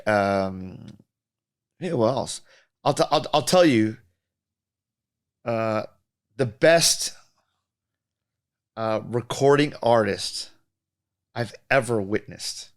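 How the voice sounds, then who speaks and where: A man who works as a music producer, chatting casually on a podcast and telling studio stories in a loose, storytelling way. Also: on the low side. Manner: storytelling, animated when imitating others.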